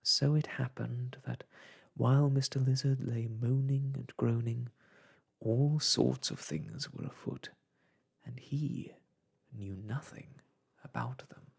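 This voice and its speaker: Slow gravelly whispered role-play storyteller. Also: mid-range voice. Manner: soft, slow whispered reading of an old children's book.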